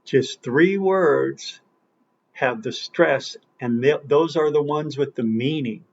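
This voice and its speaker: A man teaching an English listening lesson, speaking slowly and deliberately and leaning hard on key words. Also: mid-range voice, creaky, dull audio. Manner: slow and deliberate, with emphatic stress on key words. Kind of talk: online language lesson.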